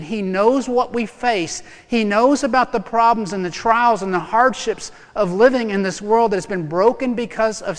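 A male pastor preaching a sermon, animated and emphatic, with touches of humor. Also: high-pitched, long reverb tail.

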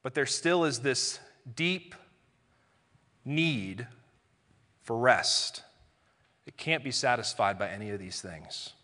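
Bright-voiced man preaching in a hall. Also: mid-range voice, lively intonation, slow, pauses often. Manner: conversational preaching with playful acted-out quotes. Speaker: pastor. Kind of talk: sermon. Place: large church hall. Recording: live sermon with hall reverb.

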